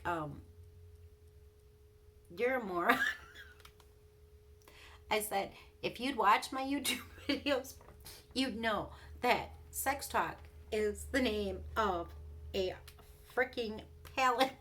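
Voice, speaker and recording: A woman's voice: mid-range voice, expressive, slow, pauses often, fairly bright tone. Laughing, blunt woman vlogger. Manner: laughs often, blunt and swears. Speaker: beauty vlogger. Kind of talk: casual storytelling while doing makeup.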